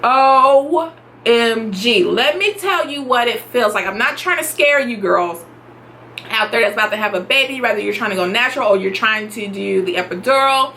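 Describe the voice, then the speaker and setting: A young woman at home telling her own story in a casual vlog, animated and quick to laugh, acting out what she shouted. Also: a little high, gravelly, slight background noise.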